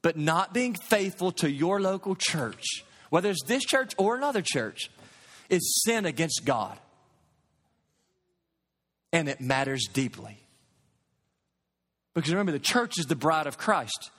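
A high-pitched man preaching with a drawl, his voice carried by a long reverb as in a large church sanctuary. He pushes loud on his points, then drops low and quiet, in an animated sermon delivery. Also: a little slow, long pauses. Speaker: pastor.

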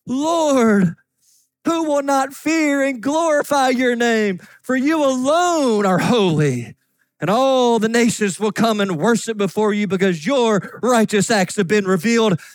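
A man preaching a sermon as pastor, reading scripture aloud with fervent emphasis that rises to shouts. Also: very high voice, expressive, measured pace, no room sound. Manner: fervent, rising to shouts on key points.

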